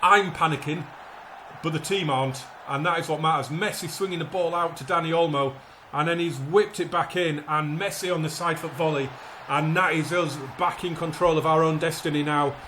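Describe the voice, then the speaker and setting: A man's voice: on the high side, moderate pace, slight background noise. A man doing live commentary as he plays a football management game, calling the action and fretting about results. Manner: excitable, commentates like a match caller, frets aloud. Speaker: gaming YouTuber playing a football management game.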